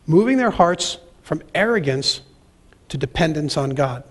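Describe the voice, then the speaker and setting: A man's voice: fairly high pitch, lively intonation, measured pace. A man preaching a sermon and reading scripture aloud, with dramatic pacing and emphatic, acted-out quotes. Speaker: pastor.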